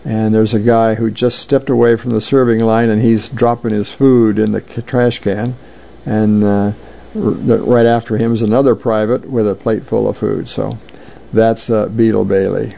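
A man hosting a show, reading comic strips aloud in an unhurried way with frequent ums and uhs. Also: lowish voice, level tone, creaky, mellow, dull audio.

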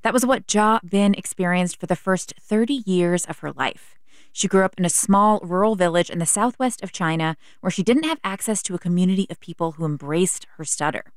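A woman hosts a radio interview show, her voice low and smooth. She speaks in a calm, measured way. The studio sound is dry and close. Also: dry recording. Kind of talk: scripted public radio interview.

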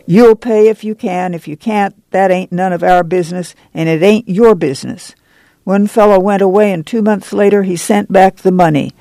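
A woman's voice: mid-range voice, fairly even intonation, normal speed, warm tone, no echo, pitched above the performer's own voice, natural voice. A reader voicing a stern, commanding woman who leads a camp committee, in a folksy rural dialect.

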